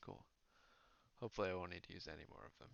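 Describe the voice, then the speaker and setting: A man's voice: sits low, steady tone, racing, gravelly, a bit bright, dull audio. A man playing a tabletop game, talking offhand and letting his words trail off. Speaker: player. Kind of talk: casual chat at a tabletop game.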